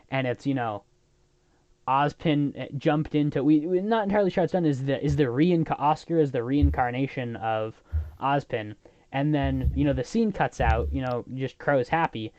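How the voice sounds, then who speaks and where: A man's voice: medium pitch, darkish tone, no echo, highs cut off. A man casually co-hosting a show review, retelling scenes and acting out the characters' lines. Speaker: podcast co-host.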